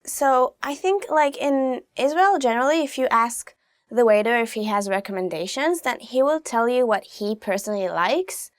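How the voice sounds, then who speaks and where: A young woman teaching phrases in a casual lesson, chatty and relaxed, with fillers and asides. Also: fairly high pitch, normal speed, dry recording, studio quality. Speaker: language teacher.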